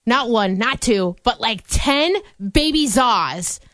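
Animated higher-voiced woman radio host. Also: slow, dry recording, studio quality. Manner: animated storyteller, acts out quotes. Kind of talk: casual on-air radio chat.

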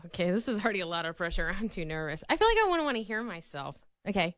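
A woman's voice: mid-range voice, big pitch swings, fast, fairly bright tone. A woman co-hosting a radio show, chatting casually, giggly and self-conscious. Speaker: radio co-host.

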